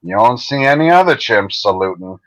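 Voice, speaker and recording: A man's voice: mid-range voice, animated, fairly quick, a crowd in the background, rough recording. Blunt, profane man on a podcast. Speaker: podcast co-host. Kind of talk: casual livestream banter.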